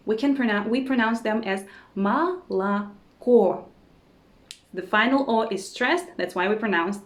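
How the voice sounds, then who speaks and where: Slow, encouraging woman teaching pronunciation. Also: fairly high pitch, echoey room. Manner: repeats each word several times, encouraging. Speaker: language teacher. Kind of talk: slow repeat-after-me pronunciation lesson.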